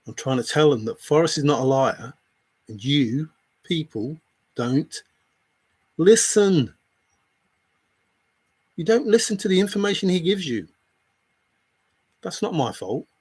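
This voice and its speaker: A man's voice: fairly high pitch, animated, normal speed, long pauses, breathy edge. A man on a live stream, talking to viewers in an exasperated, repetitive, lecturing way. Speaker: treasure hunt commentator. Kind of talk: heated live stream rant.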